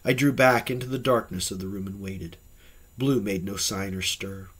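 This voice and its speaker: A man with a husky voice reading an audiobook in an expressive, varied storytelling manner. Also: lowish voice, normal speed. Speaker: audiobook reader. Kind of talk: audiobook narration.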